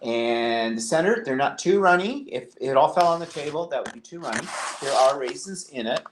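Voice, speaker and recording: A man co-hosts a casual live-stream chat, campy and full of theatrical exclamations and cheeky jokes. His medium-pitched voice has lively intonation at a normal speed, with slight background noise.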